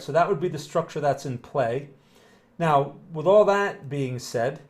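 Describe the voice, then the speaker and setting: A man hosting a live chart analysis stream, talking casually and rambling, checking in with "right?" and greeting viewers. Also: a little high. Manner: casual, rambling, with frequent tag questions. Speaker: market analyst host.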